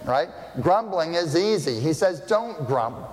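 A man's voice: a little high, expressive, unhurried, hardly any pauses. Man preaching in an echoing church. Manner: conversational preaching with frequent "right?" checks. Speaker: pastor. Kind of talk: sermon. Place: church sanctuary. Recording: long reverb of a church hall.

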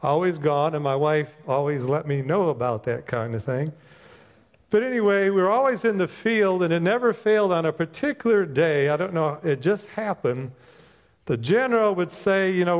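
Middle-aged male chaplain, slightly high voice, folksy storytelling sermon, long church reverb. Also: normal speed. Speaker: chaplain pastor. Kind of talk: sermon with personal stories. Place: church sanctuary.

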